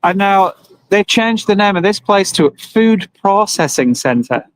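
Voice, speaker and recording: Male livestreamer, higher pitch, earnest and emotional, outdoor phone stream by a road. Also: lively intonation, unhurried, dry recording, rough recording. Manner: earnest, emotional, talks to viewers and reads comments aloud. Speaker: livestreamer at an animal rights vigil. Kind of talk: live-streamed casual monologue. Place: outdoors by a roadside with passing trucks.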